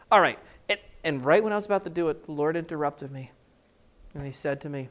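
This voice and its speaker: Animated male preacher, slightly high voice. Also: quick pace. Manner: animated, emphatic repetition. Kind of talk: sermon with personal story.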